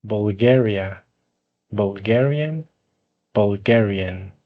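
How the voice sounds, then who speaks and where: A man teaching English, slowly and clearly listing words for learners in a pronunciation drill. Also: fairly low pitch, narrow, tinny audio.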